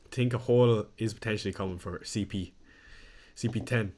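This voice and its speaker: In a darkish, low-side voice at a moderate pace, a young fantasy football streamer chats casually with his audience. He reads out their comments and teases himself over his own slip-ups.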